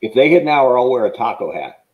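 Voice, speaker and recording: A man's voice: medium pitch, sing-song, quick pace, muffled recording. A man hosting a casual podcast, bantering playfully with his co-host.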